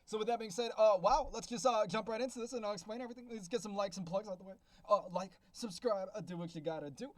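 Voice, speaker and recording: Breathless, excitable male vlogger, high-pitched, dry close sound, gushing book reviewer. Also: quick pace, hardly any pauses, no echo. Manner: excitable, repeats exclamations. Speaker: beta reader and self-published author. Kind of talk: casual reading review vlog.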